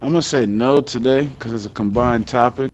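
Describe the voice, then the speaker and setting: Calm man steering a group vote. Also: mid-range voice, fairly quick, lo-fi sound. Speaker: roleplay crime group member. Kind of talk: casual group voice chat.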